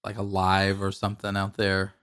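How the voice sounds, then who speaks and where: A man's voice: low voice, completely flat delivery, moderate pace, fairly bright tone, clean tone. A man co-hosting a podcast in casual chat, laid-back and rambling, laughing between lines. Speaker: podcast co-host.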